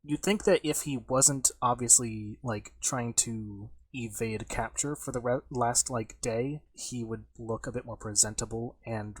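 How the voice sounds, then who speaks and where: A man's voice: mid-range voice, steady tone, measured pace, hardly any pauses, slightly rough, no room sound. A man narrating a tabletop game as game master, rambling with many fillers.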